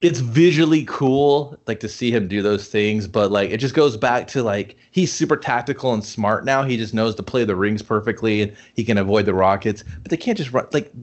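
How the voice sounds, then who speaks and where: A man's voice: on the low side, moderate pace, hardly any pauses. A man in casual chat reviewing a movie, rambling and profane, acting out scenes. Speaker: podcast co-host reviewing a movie.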